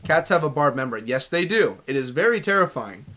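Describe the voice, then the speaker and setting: A young man commenting on his own video game stream in a loose, rambling way, breaking now and then into excited outbursts. His voice is a touch higher than most men's, bright and forceful. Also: a little fast, slight background noise. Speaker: gaming streamer. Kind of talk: casual let's-play commentary.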